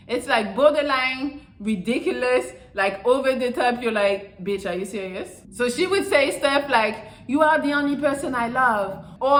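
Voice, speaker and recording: Host, female, brash and profane, mocks others in put-on voices, fairly high voice, roomy echo. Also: a bit bright. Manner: blunt, profane, mocking impressions. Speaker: channel host. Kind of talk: casual advice monologue. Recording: echoey room.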